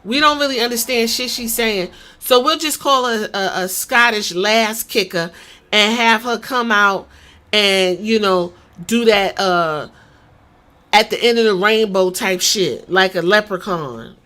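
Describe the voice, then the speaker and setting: A woman's voice: medium pitch, a little slow, bright, forceful tone. A woman hosting a podcast, giving blunt, profane and sarcastic opinionated commentary. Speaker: podcast host.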